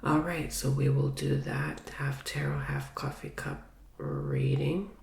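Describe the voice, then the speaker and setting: A man's voice: mid-range voice, level tone, takes it slowly, vocal fry, roomy sound. Man whispering nasal ASMR tarot reader. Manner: soft, casual, with many fillers. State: recovering from illness, slightly stuffy.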